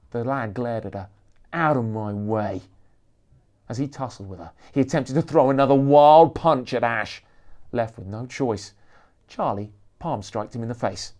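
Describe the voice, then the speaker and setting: A man reading his thriller aloud with lively, dramatic expression. His voice sits in an ordinary mid range and he drives the action along. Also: mid-range voice. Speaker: author reading his book.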